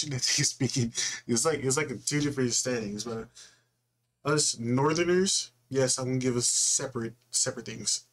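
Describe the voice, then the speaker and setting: A young Californian man in his twenties hosts a reaction video, commenting in a rambling, slangy way and swearing freely. His voice is mid-range and a bit bright.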